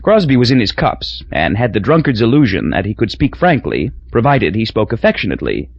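A man reading a novel aloud as the narrator, in a dry, measured storytelling manner. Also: on the low side, huge pitch swings, gravelly, slightly rough, no room sound. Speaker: audiobook narrator. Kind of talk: scripted narration. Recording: dull lo-fi recording.

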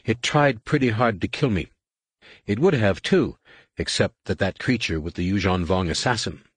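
A man's voice: normal speed, breathy edge, dry recording. A man voicing Mara, a stubborn pregnant woman. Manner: insistent, lifted pitch.

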